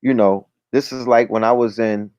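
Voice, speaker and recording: A man with a medium-pitched, slightly mellow voice and fairly even intonation speaks at normal speed in a dry recording. Hosting a casual lo-fi livestream with dull audio, he gives viewer shout-outs, talks loose and slangy, and often says "you know what I'm talking about."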